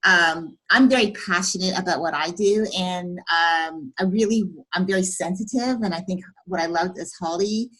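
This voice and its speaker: A woman's voice: fairly low pitch, moderate pace, hardly any pauses, a bit bright, rough recording. A woman coaching client giving a hesitant, heartfelt testimonial on a group video call.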